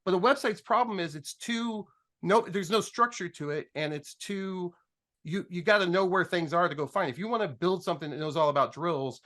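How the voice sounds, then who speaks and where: Animated storytelling man, higher voice. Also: moderate pace. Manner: animated, joking, acts out dialogue with restarts. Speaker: panel guest telling a startup story. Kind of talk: casual storytelling talk.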